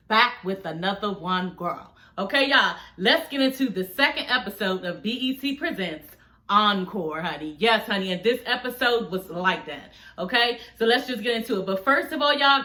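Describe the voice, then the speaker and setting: Sassy bright-voiced woman from D.C. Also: mid-range voice, reverberant, low-quality recording. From Washington, D.C. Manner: sassy, chatty, peppered with "honey" and "girl". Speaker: YouTube reality TV reviewer. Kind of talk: casual recap chat to camera.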